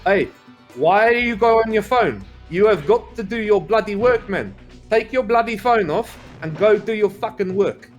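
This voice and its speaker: A man impersonating a stern male schoolteacher with a South African-style accent, gruff and scolding. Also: sits high, expressive, moderate pace, soft background music, voice pushed up.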